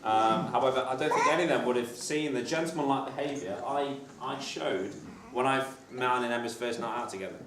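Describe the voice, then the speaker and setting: A man's voice: medium pitch, fairly quick, hardly any pauses, noisy background. A man giving his groom's speech at a wedding reception, hesitant, with lots of fillers and jokes. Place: crowded reception hall. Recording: echoey hall, recorded from far off.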